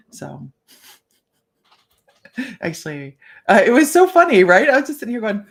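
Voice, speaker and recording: A woman's voice: on the high side, very animated, normal speed, vocal fry, pauses often. A woman hosting a psychic live stream, telling stories in a bubbly, rambling way and laughing often. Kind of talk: casual live-stream chat.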